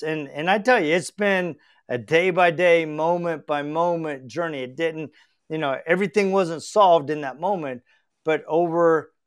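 A man's voice: on the high side, smooth. A middle-aged man hosting a podcast, telling a personal story in an earnest, reflective way with frequent restarts. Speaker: podcast host. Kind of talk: heartfelt conversational storytelling.

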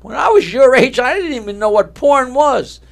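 A man's voice: on the high side, very animated, brisk, vocal fry, a little mellow, slightly rough, heavily acted. A man voicing a self-righteous middle-aged father in a joke. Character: proud middle-aged father, government worker.

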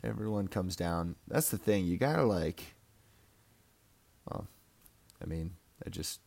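Low, creaky and a little mellow, this young man's voice is expressive and a little slow. As a fantasy football league member, he rambles through a casual recap full of laughter and trash talk.

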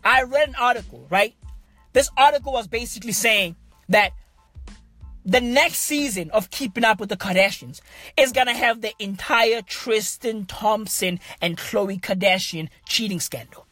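A woman's voice: a little high, normal speed, fairly bright tone, no echo, faint music behind. A woman hosting a podcast from inside a parked car, delivering a crude, repetitive comedic rant. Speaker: podcast host.

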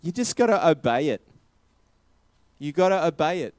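A man delivering a sermon in a fairly high voice, driving each point home by repeating it. The sound is dry and close, with no room echo. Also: sing-song, normal speed. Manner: emphatic, repeating key phrases. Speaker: preacher.

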